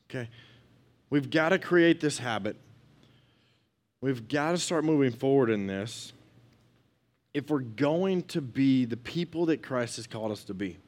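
A young adult man giving a casual, story-driven sermon as a pastor, moving from a funny anecdote into exhortation. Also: medium pitch. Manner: storytelling, animated and conversational.

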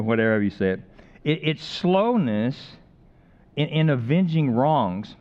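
A man's voice: mid-range voice, expressive, slow, clear, resonant tone. Guy preaching, chatty and joking around, kinda dull lo-fi sound. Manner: conversational preaching with humor and repeated phrases. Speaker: pastor. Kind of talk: sermon.

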